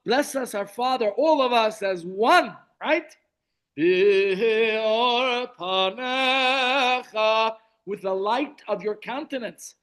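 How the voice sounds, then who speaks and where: A man's voice: very high-pitched, lively intonation, measured pace, few pauses, fairly bright tone. A middle-aged man teaching a Torah class over a video call, chatty, with asides and restarts.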